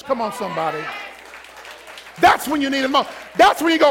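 Preacher, male, very high voice, fiery call-and-response delivery that rises into shouts. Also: very animated, fairly quick, vocal fry, pauses often, some chatter behind, a little hiss or hum. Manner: acts out quoted voices and repeats words for emphasis. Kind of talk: live sermon.

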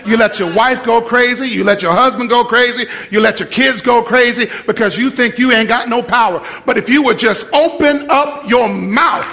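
Man preaching, high voice, storytelling, call-and-response, shouts at peaks, long church reverb. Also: moderate pace, creaky, few pauses. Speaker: pastor. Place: church hall with live congregation.

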